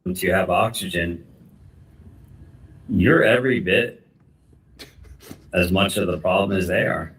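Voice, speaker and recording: A man's voice: low voice, unhurried, long pauses, a bit bright. A man earnestly lecturing his viewers to stop giving attention to others, in a preachy, insistent way. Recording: voice from a distance.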